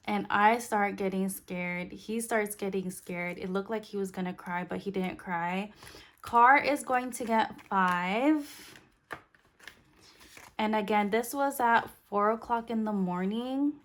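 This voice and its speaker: A young woman vlogger telling a spooky story in a soft, unhurried way while counting cash into a budget binder. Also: mid-range voice, a little hiss or hum.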